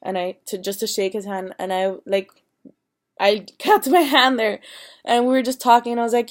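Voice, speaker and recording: A young woman in her early twenties, a vlogger, tells a rambling storytime, cursing freely and acting out everyone's lines. Her voice sits fairly high and she talks a little fast.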